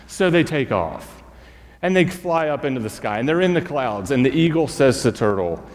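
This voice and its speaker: A man preaching as a school chaplain, relaxed and conversational, dropping fillers and talking straight to the pews. His voice sits at an ordinary middle pitch. It rings out with a long church reverb. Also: moderate pace. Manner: casual, conversational, with fillers and asides to the congregation. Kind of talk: storytelling sermon.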